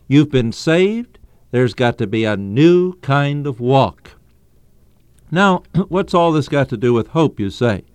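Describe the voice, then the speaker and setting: A man delivers a radio Bible teaching in a smooth, resonant voice. He speaks earnestly and emphatically, drawing out the phrases he wants to land. The sound is dry and close, with no room around it. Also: medium pitch, very animated, measured pace, darkish tone, dry recording.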